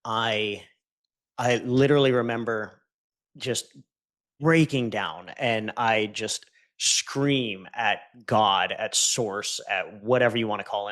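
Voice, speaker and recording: A man with a somewhat low voice tells a deeply personal story as a podcast guest. He speaks with earnest intensity and sinks to a hushed, low tone whenever he repeats words that were spoken to him. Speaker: podcast guest, entrepreneur and coach. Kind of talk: emotional personal storytelling in conversation.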